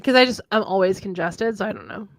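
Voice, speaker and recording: A woman's voice: medium pitch, very animated, fast, creaky, dry recording. Chatty young woman, dry close sound. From Minnesota, USA. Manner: rambling, chatty, sharing fun facts. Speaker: livestream co-host, author. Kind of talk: casual chat.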